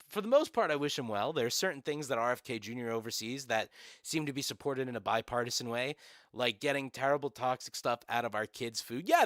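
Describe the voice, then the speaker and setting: A young man rants on a live stream, sarcastic and profane, breaking into laughs. His pitch swings widely from low mutters to high outbursts. The sound is dry and close, with no room around it. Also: a bit bright, dry recording. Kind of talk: casual live-stream rant.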